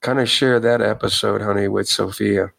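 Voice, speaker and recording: A man's voice: fairly low pitch, fairly even intonation, normal speed, creaky, a bit bright. A man hosting a podcast with his wife, recalling a family memory in an earnest, easygoing way. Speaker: podcast host. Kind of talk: casual podcast conversation.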